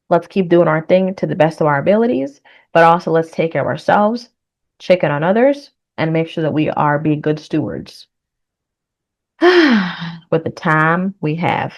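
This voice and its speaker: A woman's voice: low voice, animated, a little slow. A woman giving a casual reaction commentary on a trailer as the host of her channel, chatty and earnest, with encouraging, faith-tinged sign-offs. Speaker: reaction vlogger.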